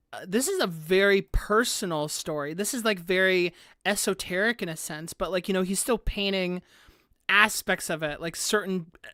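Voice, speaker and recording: A woman's voice: lowish voice, a bit bright, no echo. Rambling woman streamer, dry close sound. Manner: rambling, heavy use of "like" fillers, frequent laughter. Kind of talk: casual live-stream chat.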